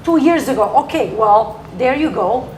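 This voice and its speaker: A woman's voice: a little high, lively intonation, normal speed, a crowd in the background. Woman astrologer giving rambling advice. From from Toronto area. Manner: rambling, earnest advice-giving with broken grammar. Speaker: astrologer guest. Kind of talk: casual talk show chat.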